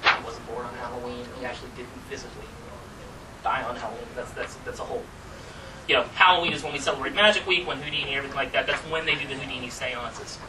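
A man's voice: medium pitch, fast talker. A man presenting a magic workshop, chatting and teasing a volunteer in front of a small group. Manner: chatty, teasing, theatrical asides. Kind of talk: live workshop demonstration. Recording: distant mic with clear background noise.

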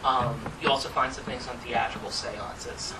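A man's voice: mid-range voice, little pitch movement, normal speed. A man presenting a magic workshop, chatting and teasing a volunteer in front of a small group. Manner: chatty, teasing, theatrical asides. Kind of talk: live workshop demonstration. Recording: distant mic with clear background noise.

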